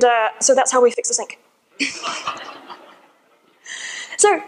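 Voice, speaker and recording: A woman's voice: a little high, low-quality recording. A woman giving a talk to a live audience, telling a story in a chatty, informal way. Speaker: conference speaker. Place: in front of a seated audience.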